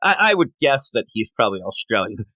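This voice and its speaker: A man's voice: fairly low pitch, fast talker, no echo. A man giving a casual, ranting comic book review on a podcast, acting out bits of dialogue as he goes. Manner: animated, ranting, acts out dialogue.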